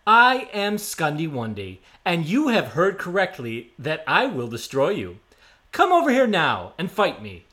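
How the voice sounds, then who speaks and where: A man voicing a boastful, cowardly but cunning male trickster in a storybook tale, bragging loudly and hesitating with filler sounds. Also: on the high side, big pitch swings, a little slow, voice pushed up. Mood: boastful bluster.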